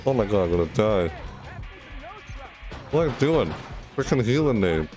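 A deep-voiced man streams a game, chattering casually to himself and yelping whenever things go wrong. Game music plays loudly under his voice. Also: unhurried. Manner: excitable, yelps and self-talk. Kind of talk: casual gameplay commentary.

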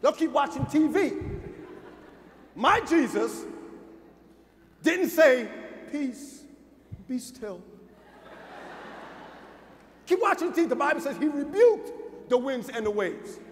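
A male pastor preaching a sermon in an emphatic, informal style, calling the crowd "y'all" and rising to shouted peaks. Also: very high-pitched, animated, a little slow, pauses often. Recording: reverberant hall, faint noise.

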